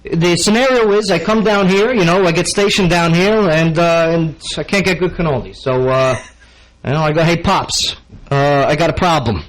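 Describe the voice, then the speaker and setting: A man hosting a radio talk show in a studio, animated and jokey, constantly tagging his sentences with "okay?" and "all right?". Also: a little high, moderate pace, low-quality recording. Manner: jokey, playful banter.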